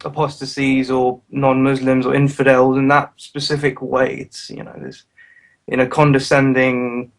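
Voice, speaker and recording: A man in casual conversation, speaking haltingly and searching for his words. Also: medium pitch, level tone, rough recording. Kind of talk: casual chat.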